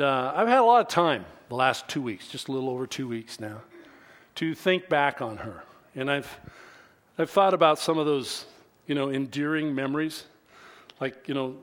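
A middle-aged male pastor preaching a sermon, deliberate and measured, dropping to near-whispers and then rising to emphatic peaks. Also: a little high. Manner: slow, deliberate preaching that swings from quiet to emphatic.

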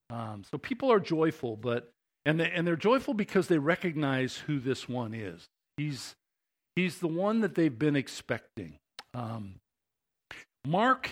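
A man preaching a sermon as pastor, talking conversationally and building to impassioned emphasis. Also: fairly high pitch.

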